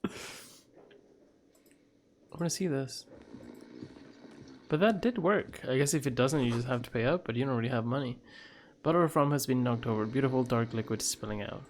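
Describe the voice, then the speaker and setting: A man's voice: mid-range voice, moderate pace, long pauses, a little hiss or hum. Chatty, laughing male streamer. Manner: chatty, laughs often, reads game text aloud. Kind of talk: casual gameplay commentary.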